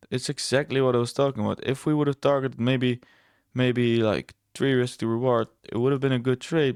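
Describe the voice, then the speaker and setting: A young trading educator with a smooth yet creaky, medium-pitched voice casually reviews his trades via screen-share. He rambles, backtracks to correct himself, and stays blunt and mildly sarcastic. The studio-quality audio has no echo.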